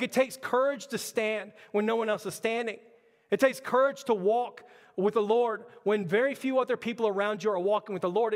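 A man's voice: sits high, long reverb tail. A man preaching a sermon as pastor, emphatic and repetitive, with stammered restarts.

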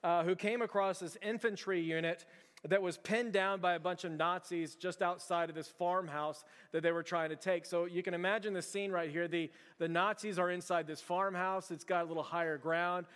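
A man preaching a sermon as pastor, telling stories in an animated, conversational and emphatic way. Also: sits high, normal speed, smooth, big-room sound.

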